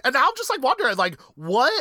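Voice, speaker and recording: A young woman co-hosting a casual rewatch podcast, talking in an animated, rambling way with lots of fillers. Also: high-pitched, fast talker, no room sound. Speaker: podcast co-host.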